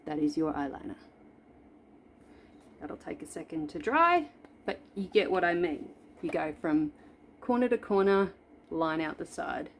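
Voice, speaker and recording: A woman's voice: sits low, very animated, a little slow, pauses often, slight background noise. A woman in her forties chatting through a makeup tutorial at home, playful and self-deprecating. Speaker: makeup vlogger. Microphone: camera in front of her.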